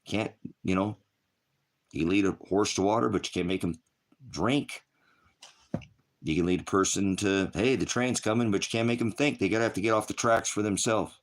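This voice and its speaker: Deep-voiced man preaching off the cuff. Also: moderate pace, long pauses. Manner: rambling and impassioned, mocks with put-on voices. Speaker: pastor of an online ministry. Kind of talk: casual sermon.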